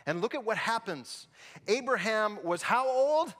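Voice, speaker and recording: A male pastor preaching a sermon in a large church sanctuary, telling stories with animation and dropping low and soft to drive home a point. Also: expressive, a little slow. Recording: long reverb in a big hall.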